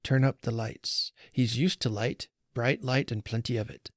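A man reading aloud as Father Time, an old figure speaking gently, slowly and soothingly. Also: medium pitch, steady tone, dry recording, clean studio sound, natural voice. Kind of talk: storybook reading.

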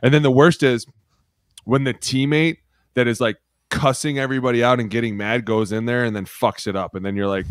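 A man's voice: medium pitch, normal speed, dry recording. Male podcast co-host, cursing storyteller who acts out the voices, dry close mic. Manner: profane, animated storyteller acting out quotes. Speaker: podcast co-host, former lineman. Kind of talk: casual podcast chat.

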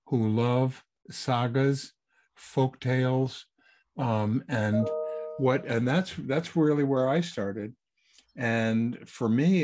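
A man's voice: mid-range voice, mellow. A man, a published author, answering questions in an easygoing, anecdotal way over a video call. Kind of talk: online Q&A talk.

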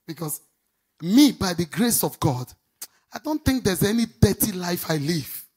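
A middle-aged woman pastor preaching a sermon, swinging from loud outbursts to quiet asides. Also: a little slow, slightly rough. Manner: animated preaching, swinging between shouts and low asides.

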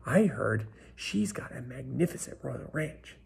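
A man's voice: medium pitch, big pitch swings, unhurried, creaky, darkish tone, slightly rough, heavily acted. A man doing a jealous stuck-up mare pony. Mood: catty. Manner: jealous, sneering.

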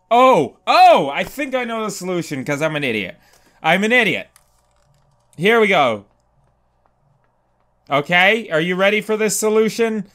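A young man talks over a video game at an unhurried pace, his voice high and clean. He swears freely and breaks into panicked shouts and laughter at his own mistakes. He speaks close to a desk microphone. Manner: excitable, swears a lot, panics loudly and laughs at himself. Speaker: gaming commentator. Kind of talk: let's play commentary.

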